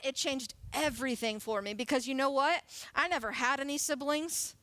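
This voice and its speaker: A woman's voice: high voice, a bit bright, dry recording. A woman in her late twenties, a youth pastor, giving a sermon in a chatty, playful way and laughing often. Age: late 20s. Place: church sanctuary.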